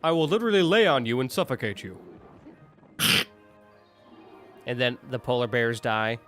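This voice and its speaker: A man hosts a casual live stream, his voice bright and lively as it swings up and down. He jokes around and tosses in quick apologies, while faint music from the clips plays underneath. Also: medium pitch. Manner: animated, jokey, apologetic asides. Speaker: stream host.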